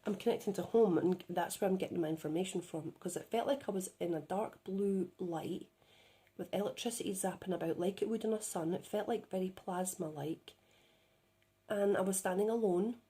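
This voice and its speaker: A woman's voice: medium pitch, moderate pace, mellow. A woman telling a spiritual experience in a casual, chatty way, often checking in with "right?", recorded on a phone. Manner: chatty, with frequent "right?" tag questions. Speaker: spiritual channeler.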